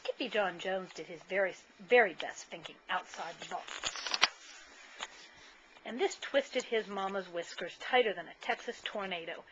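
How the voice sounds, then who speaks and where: A woman, a parent, reading a children's picture book aloud in a folksy, animated way. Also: mid-range voice, normal speed. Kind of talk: casual storybook read-aloud. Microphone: built-in camcorder mic. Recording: dull lo-fi camcorder sound, faint hiss.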